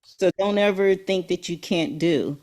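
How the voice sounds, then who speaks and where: A woman's voice: on the low side, unhurried, a little mellow. A woman in her seventies, a guest telling her story in an earnest, emphatic way during an interview. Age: 70s. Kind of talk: motivational interview.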